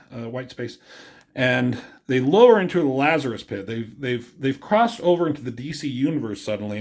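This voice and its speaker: A man talking through a comic in a loose, rambling way, swearing freely as he goes. His voice sits at an ordinary middle pitch, and he sounds relaxed and informal throughout. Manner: rambling, profane, offhand. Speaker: comic book reviewer. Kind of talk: casual comic review.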